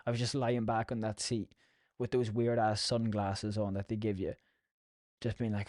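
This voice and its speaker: A man's voice: lowish voice, fairly even intonation, moderate pace, a little mellow, no echo, clean studio sound. Sweary Irish man rambling casually. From Ireland. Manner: sweary, chatty storytelling. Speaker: podcast host.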